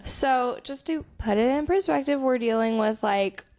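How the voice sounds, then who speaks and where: A young adult woman co-hosting a podcast, telling a story in casual chat with animated, sarcastic energy. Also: on the high side, moderate pace, slight background noise. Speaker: podcast co-host.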